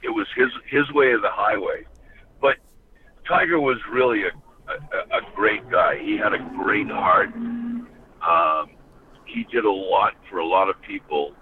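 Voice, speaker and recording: A man's voice: on the low side, a little slow. An older American man and former hockey enforcer, telling rambling stories as a podcast guest, often saying "you know". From United States. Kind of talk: casual storytelling. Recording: tinny phone line with faint hiss.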